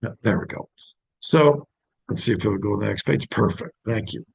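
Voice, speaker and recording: A man with a gravelly, husky voice runs a sales training lesson. He talks emphatically and shifts his tone often, checking in with the listener as he goes. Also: lowish voice, normal speed, poor audio. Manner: emphatic, varies tone, asks "make sense?".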